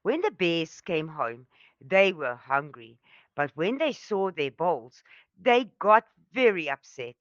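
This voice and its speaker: A woman telling a children's story in a slow, expressive, sing-song way. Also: on the low side, no echo, muffled recording.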